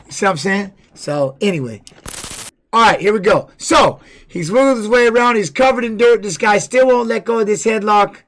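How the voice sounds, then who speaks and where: A man's voice: high voice, expressive, a little fast, fairly bright tone. A man streaming live, talking loosely and swearing heavily as he comments and tells personal stories. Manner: rambling, heavy swearing; candid personal storytelling. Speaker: streamer and former fighter. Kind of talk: casual livestream chat.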